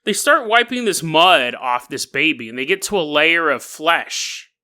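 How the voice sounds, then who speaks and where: A man's voice: on the high side, expressive, a little slow, sharp tone. A man hosting a podcast, retelling a news story as a comedy bit with jokes, tangents and laughs mid-sentence. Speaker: podcast host.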